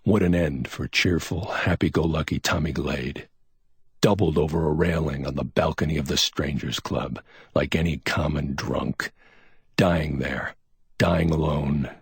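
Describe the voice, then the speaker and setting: A man reading pulp crime fiction as an audiobook narrator, steady and even. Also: extremely low pitch, a little slow, husky, dry recording, clean studio sound.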